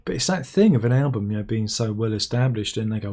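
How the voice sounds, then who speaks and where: A man's voice: lowish voice, expressive, fast, mellow. A man hosting a casual livestream, reading out viewer comments with wry, rambling asides. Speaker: livestream host.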